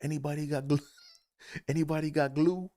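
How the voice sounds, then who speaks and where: A man's voice: a little high, fairly even intonation, moderate pace, dark tone, no echo, clean studio sound, pitched above the performer's own voice, lightly acted. A man doing a cocky young teammate. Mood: pleading.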